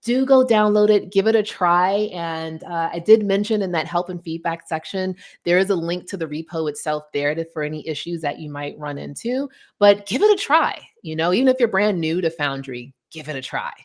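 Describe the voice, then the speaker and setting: Low-voiced young woman demoing software. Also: a little fast, few pauses. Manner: chatty, many "um" and "like" fillers. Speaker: guest presenter demoing software. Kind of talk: casual tech demo chat.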